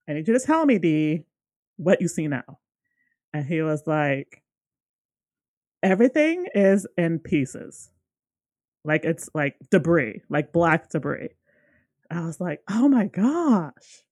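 A young woman co-hosting a podcast, telling a personal story in a casual, animated way with lots of fillers. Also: fairly low pitch, dry recording, clean studio sound. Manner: animated, many fillers, acts out dialogue. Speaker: podcast co-host.

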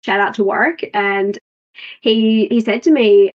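Female podcast host, mid pitch, chatty and candid, muffled lo-fi audio. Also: a little slow. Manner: chatty, self-correcting, personal stories. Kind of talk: casual chat. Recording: slightly dull, lo-fi sound.

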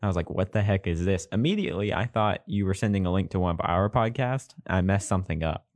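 A young man co-hosting a podcast, chatting casually with quick, teasing asides. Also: low-pitched, lively intonation, dry recording. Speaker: podcast co-host. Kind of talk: casual chat.

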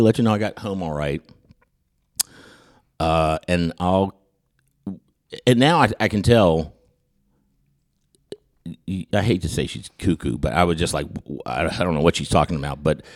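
Host, male, very low voice, animated raconteur, stumbles and restarts as he acts out quotes. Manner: animated storyteller who acts out quotes, with frequent stammered restarts. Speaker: podcast host. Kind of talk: storytelling anecdote in casual chat.

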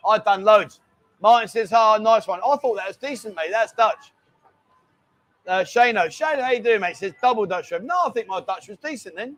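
A man's voice: high-pitched, fast, a bit bright. A man hosting a casual live stream from a bar, joking around and reading viewer messages aloud.

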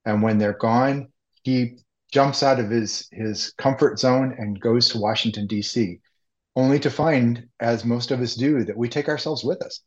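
A man from the US Midwest, an author guest, speaking in a measured, reflective way with small restarts. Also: mid-range voice. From Ohio, US Midwest. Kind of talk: interview conversation. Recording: dull, slightly lo-fi sound.

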